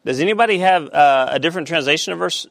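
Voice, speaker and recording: A man teaching a Bible study class, halting with many fillers and asking the class questions. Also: a little high, vocal fry, fairly bright tone, no room sound.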